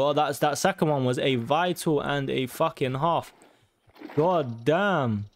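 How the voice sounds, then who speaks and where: A young man giving casual, sweary commentary on a hunting game and taunting the animals loudly. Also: a little high. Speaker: gaming YouTuber.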